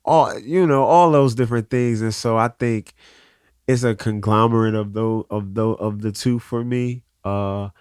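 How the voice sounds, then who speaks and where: A man's voice: on the low side, a little mellow, clear, resonant tone, no echo, clean studio sound. A man speaking as a podcast guest in a candid, earnest way, often restarting his sentences. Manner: earnest, open, halting restarts. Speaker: guest artist. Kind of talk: candid conversational interview.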